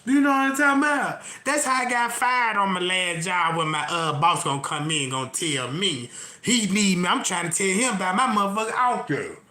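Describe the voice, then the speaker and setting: High bright-voiced guy ranting to his stream chat, cussing nonstop, keeps going "you know what im talking about", echoey room. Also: normal speed. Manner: profane, rambling storytelling with repeated asides; animated, jumping between loud outbursts and low mutters. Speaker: livestream host. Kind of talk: comedic rant to a live chat. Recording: roomy echo.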